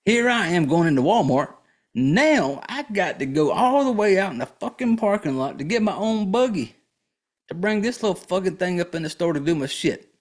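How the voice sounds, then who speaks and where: Man, podcast host, profane animated rant, slightly higher voice. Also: normal speed. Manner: profane, animated, exasperated storytelling. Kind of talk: casual ranting monologue.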